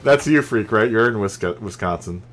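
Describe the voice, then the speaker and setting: Rambling streamer guy with a lively voice. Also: lowish voice, moderate pace, soft background music. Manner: rambling, laughs at his own jokes. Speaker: live-streamer playing a racing game. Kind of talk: casual chat with live chat viewers. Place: home streaming setup. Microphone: studio mic through a mixer.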